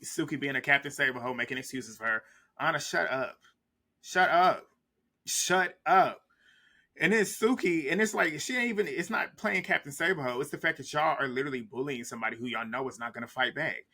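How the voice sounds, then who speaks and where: A man's voice: on the high side, pushed and bright, husky. A man, recapping a reality show in casual, blunt, trash-talking commentary.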